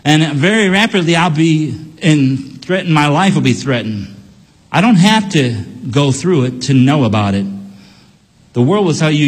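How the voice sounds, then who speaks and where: Husky-voiced male preacher in echoey hall. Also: a little high. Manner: earnest, repetitive emphatic preaching. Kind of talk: sermon.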